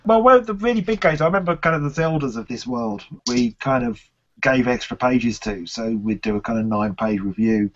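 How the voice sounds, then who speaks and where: A man's voice: mid-range voice, expressive, fairly quick. A man talks through his answers in a loose, chatty way, peppering them with "kind of" and "you know". The recording sounds dull and lo-fi. He pokes fun at himself as he goes. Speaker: interviewee, games reviewer and TV presenter. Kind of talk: casual interview chat.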